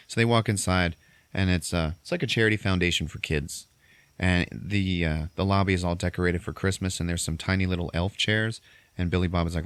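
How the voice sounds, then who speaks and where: A man's voice: deep voice, fairly even intonation, brisk, clean tone, dry recording. A man hosting a podcast, casually recapping a movie as a profane storyteller. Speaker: podcast host.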